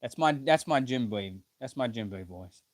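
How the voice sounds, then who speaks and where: A man's voice: medium pitch, expressive, moderate pace, dry recording. A man live-streaming his reaction to a manga chapter, reading panels aloud, correcting himself and swearing casually.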